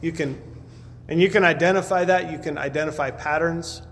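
A man with a somewhat high voice gives a casual, conversational sermon, often stuttering and repeating words. His voice rings through a large hall with a long reverb tail. A faint hum of background noise sits beneath his words. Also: fairly even intonation, brisk, fairly bright tone. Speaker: pastor.

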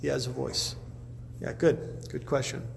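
Answering questions during a sermon, a pastor speaks in an unhurried, flat, gravelly mid-range voice, conversational and given to repeating words. The hall is reverberant, with a faint hum of background noise.

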